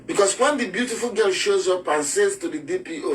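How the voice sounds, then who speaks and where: A man's voice: sits high, animated, brisk, distant mic. Emphatic man teaching. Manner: emphatic, rhetorical questions, acts out scenes. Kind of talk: lively spoken lesson.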